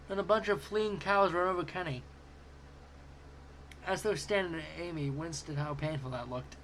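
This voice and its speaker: Brief: amused male reader, slightly high voice, stumbles as he reads fanfiction. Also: moderate pace, pauses often, a bit bright, a little hiss or hum. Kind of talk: reading fanfiction aloud.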